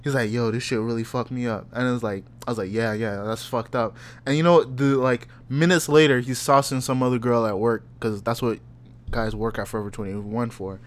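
Young male podcast host, casual storyteller, animated and laugh-prone. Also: mid-range voice, fairly quick. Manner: animated, acts out voices in anecdotes, laughs often.

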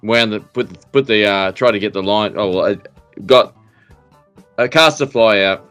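Australian male podcast host, low voice, rambling, restart-heavy storyteller, faint music bed. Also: normal speed, a bit bright, smooth. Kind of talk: casual chat.

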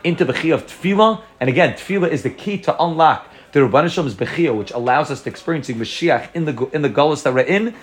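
A man's voice: on the high side, expressive, fast, few pauses. A man teaching a Torah class, explaining at length with frequent restarts and Hebrew terms mixed into his English.

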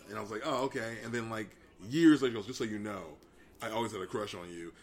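A young man hosting a casual podcast chat, talking in a relaxed, hesitant way with many restarts. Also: on the low side, fast. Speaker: podcast host.

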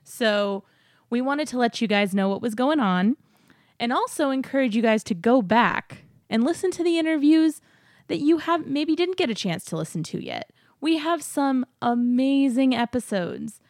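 A woman's voice: on the high side, expressive, normal speed, darkish tone, no echo, studio quality. A woman co-hosting a podcast in casual chat, talking in an upbeat way and laughing often as she talks. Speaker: podcast co-host. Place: new apartment studio.

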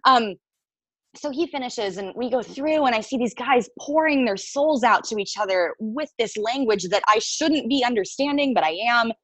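A woman's voice: on the high side, expressive, normal speed, fairly bright tone, no echo, poor audio. A woman actor telling stories in a casual interview, candid and laughing often, swearing freely.

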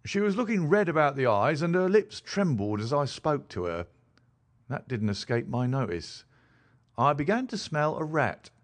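A man's voice: on the high side, big pitch swings, moderate pace. A man voicing a self-satisfied male police detective recounting his inquiry in a story reading. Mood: boastful.

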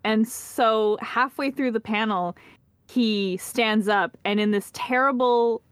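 A woman co-hosting a casual podcast chat, with a voice that sits on the high side. She tells her story with energy and acts out each person's lines. The sound is dry and close. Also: takes it slowly, smooth, no echo. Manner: animated storyteller, acts out quotes. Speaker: podcast co-host.

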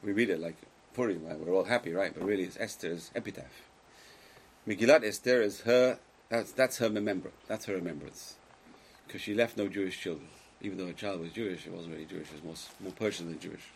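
A man giving a Torah lecture to a live class, speaking emphatically, swinging between loud exclamations and quiet asides, and putting questions to his listeners. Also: low voice, quick pace, a little hiss or hum, rough recording. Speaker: Torah teacher.

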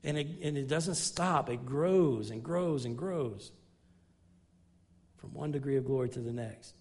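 A middle-aged man preaching a sermon at a medium pitch. He talks earnestly and restarts phrases as he builds toward a point. For stories he drops to a quieter, more intimate tone. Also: measured pace. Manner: earnest preaching, rising in emphasis and dropping low for anecdotes. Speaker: pastor.

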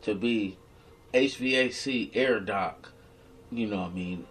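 A man telling his story to an interviewer in a rambling, profane, rapid-fire way, with a slight slur from a dental retainer. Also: on the low side, a bit bright, soft background music. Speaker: interview guest. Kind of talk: casual storytelling chat. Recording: distant from the mic.

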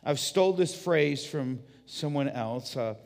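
A man's voice: mid-range voice, lively intonation, measured pace, gravelly, a little mellow, long reverb tail. A man preaching a sermon as a guest pastor, telling stories animatedly with frequent restarts.

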